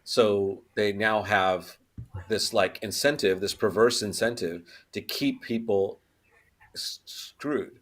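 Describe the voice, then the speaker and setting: A low-voiced man rambles through a casual comedy panel chat and stacks his points with fillers and restarts. He talks in an easy, loose conversational way. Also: takes it slowly, fairly bright tone.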